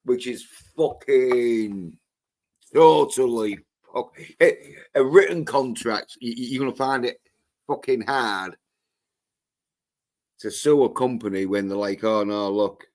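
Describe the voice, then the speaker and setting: A man's voice: mid-range voice, a little mellow. A man ranting on his own livestream, swearing heavily and often stopping to restart his sentences. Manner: profane, ranting, halting with restarts. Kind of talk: solo livestream rant.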